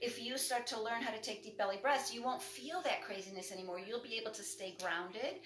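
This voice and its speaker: Bright-voiced woman leading a breath class. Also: on the high side, brisk, roomy sound, a little hiss or hum. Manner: encouraging, conversational, lots of "right?". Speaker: breathwork instructor. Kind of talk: live online class talk. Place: indoor room, livestream.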